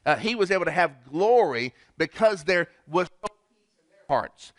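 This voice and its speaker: A man preaching with an earnest, halting delivery, pausing and restarting as he builds his points. His voice sits a little high for a man. The sound is dry and close, with no room echo. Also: lively intonation. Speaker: pastor. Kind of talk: sermon.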